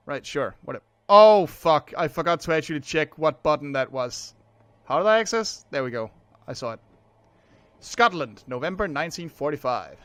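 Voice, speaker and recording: A young man casually commenting while playing a game, sarcastic and quick to swear. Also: on the high side, lively intonation, fairly bright tone, clear, resonant tone, no echo, low-quality recording. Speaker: let's play gamer.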